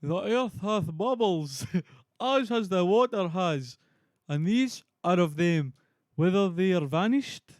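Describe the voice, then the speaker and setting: Banquo, a man reading loud and declaiming. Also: high-pitched, animated, takes it slowly, dry recording, voice pushed up. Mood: musing. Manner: loud, declaiming Shakespeare verse. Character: musing Scottish nobleman Banquo.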